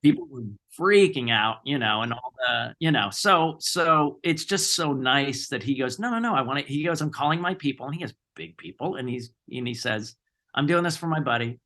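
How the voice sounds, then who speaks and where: A man being interviewed as an actor guest, an animated storyteller who acts out what others said. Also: mid-range voice, normal speed. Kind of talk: casual podcast interview.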